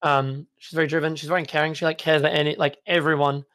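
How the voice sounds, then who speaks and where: A man's voice: a little high, level tone, quick pace, fairly bright tone. A young man, a guest in a casual chat, rambling with lots of fillers. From Australia. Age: young adult. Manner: rambling, filler-heavy, laid-back.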